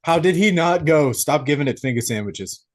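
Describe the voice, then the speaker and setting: A man's voice: fairly high pitch, animated, normal speed. A man co-hosting a podcast who eagerly jumps in with jokes and casual swearing about a movie. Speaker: podcast co-host.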